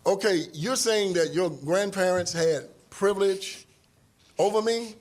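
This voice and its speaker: A man's voice: high-pitched, a little slow. A man speaking at a debate, blunt and challenging.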